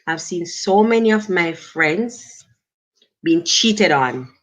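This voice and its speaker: A middle-aged woman with a Jamaican accent talks to her livestream audience. She speaks slowly and thoughtfully, in a voice a little on the low side, and stops now and then to thank viewers. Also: expressive. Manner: unhurried, reflective, thanks viewers warmly. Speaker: livestream host. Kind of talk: casual livestream talk to chat.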